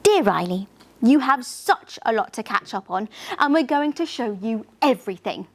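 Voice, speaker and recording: A woman's voice: a little high, expressive, normal speed. A woman voicing Eco, a cheeky, boastful boy car, talking eagerly.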